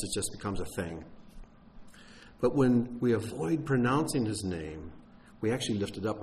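A man's voice: on the low side, a little mellow. A man giving an earnest, emphatic sermon teaching, with some wry humor and frequent fillers and restarts. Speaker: teacher of a Messianic congregation.

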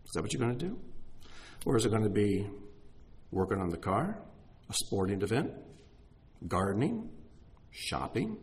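A middle-aged male pastor delivers a sermon with emphatic energy. His pitch climbs and drops freely as he speaks right to his congregation, pressing and encouraging them. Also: moderate pace, pauses often. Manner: animated, emphatic preaching with direct address to listeners.

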